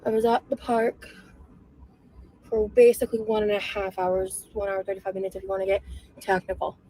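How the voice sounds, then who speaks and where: A woman's voice: medium pitch, monotone, fairly quick, mellow, poor audio. A woman vlogger in a played clip, talking in an emotional, self-pitying way about how hard things feel. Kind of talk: personal weight-loss vlog.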